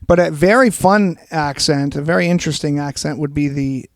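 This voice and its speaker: A man talking in a relaxed, chatty way on a podcast, telling a story with easy fillers. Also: a little high, fairly quick, no echo, clean studio sound. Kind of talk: casual podcast chat.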